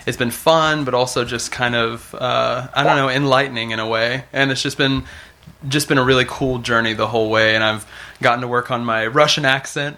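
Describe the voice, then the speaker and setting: A man chats as a voice actor guest, loose and easygoing. He is enthusiastic, with a bright, forward tone. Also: mid-range voice. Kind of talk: casual interview chat.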